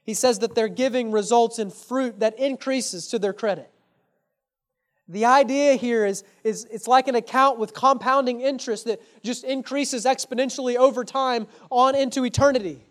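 A man's voice: extremely high pitch, moderate pace. A man preaching an earnest sermon as a pastor, putting rhetorical questions to his congregation and addressing them casually and directly. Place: church.

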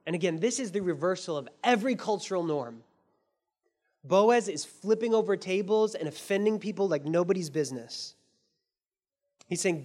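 Male pastor with a high voice, sermon delivery, builds up emphatically on key points. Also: expressive, normal speed, a little mellow. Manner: emphatic, rises in pitch and force for key points.

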